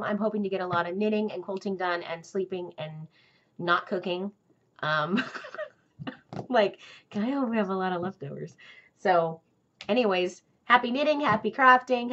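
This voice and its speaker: A woman's voice: mid-range voice, normal speed, a bit bright, muffled recording. A woman hosting a crafting vlog from home, chatting casually and rambling with lots of ums and asides. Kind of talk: casual chat to camera.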